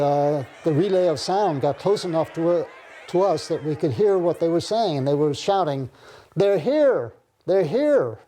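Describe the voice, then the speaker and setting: Interviewee man, slow halting recollection, higher mellow voice. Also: a little hiss or hum. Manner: halting, with many pauses. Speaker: interviewee recalling the war.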